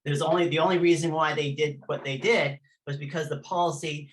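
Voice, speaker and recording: Heard on a rough recording, a Canadian woman with a low voice speaks a little fast with fairly even intonation. As an interview guest and former elite athlete, she earnestly and intensely recounts her history, often starting her sentences over.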